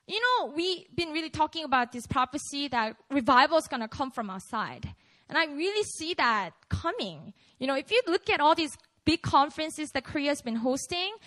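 A young woman preaches to a prayer meeting in a loose, conversational way, breaking into laughter as she goes. Her voice sits high and swings widely in pitch. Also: sing-song, moderate pace, a bit bright, low-quality recording. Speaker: pastor.

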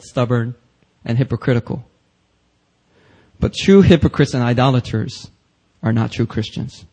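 A pastor with a medium-pitched, somewhat dark voice preaches a sermon at a church service, captured in a low-quality recording. He's emphatic yet casual, using slang, and his intensity rises on the quoted passages.

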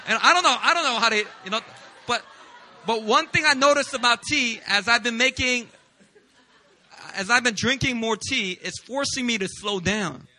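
Bright high-voiced joking pastor man. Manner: lively, joking storyteller. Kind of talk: sermon. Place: church service.

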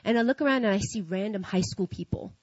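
A woman's voice: mid-range voice, quick pace, a little mellow, no room sound, highs cut off. A woman telling a personal story to an audience in casual, slangy talk, acting out her own reactions. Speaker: speaker sharing a personal faith story.

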